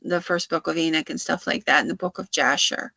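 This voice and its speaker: A podcast host casually retelling a folk tale, with frequent restarts and halting phrasing. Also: mid-range voice, steady tone, creaky, sharp tone, dry recording, lo-fi sound.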